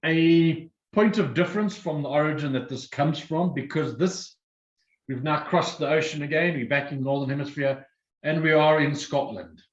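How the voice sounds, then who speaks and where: A man leads a tasting and explains each whiskey patiently. His voice sits a little high for a man. The sound is echoey and muffled, like audio from an online session. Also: normal speed. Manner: informative, explains step by step. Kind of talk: guided tasting talk.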